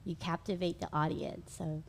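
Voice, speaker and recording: Encouraging female co-host, gravelly voice. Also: fairly low pitch, level tone, moderate pace. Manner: encouraging, complimenting the guest. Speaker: podcast co-host. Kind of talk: casual interview.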